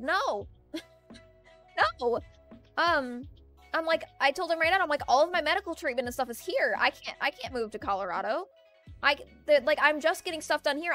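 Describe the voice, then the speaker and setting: A woman's voice: sits high, pushed and bright. A young adult woman streaming from home, chatting casually in a ranting, talkative way and laughing often. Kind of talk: casual chat. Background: faint music playlist.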